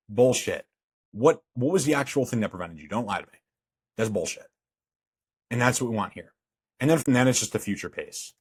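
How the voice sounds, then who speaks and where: A man's voice: lowish voice, breathy edge, no room sound, studio quality. A young man teaching a fitness coaching sales course, blunt and emphatic with frequent swearing. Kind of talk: course lecture.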